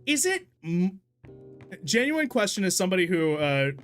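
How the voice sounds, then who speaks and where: Faint music plays behind a young man from Texas, USA, who talks casually with his chat while streaming a game, frequently laughing and exclaiming in disbelief. His voice sits high and has a sing-song quality at a normal speed.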